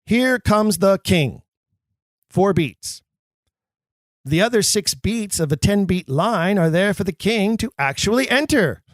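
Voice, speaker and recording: In a dry studio-quality recording, a podcast host with a high voice and lively intonation takes his time explaining Shakespeare's verse to actors. He's emphatic, with a habit of wry jokes at his own expense.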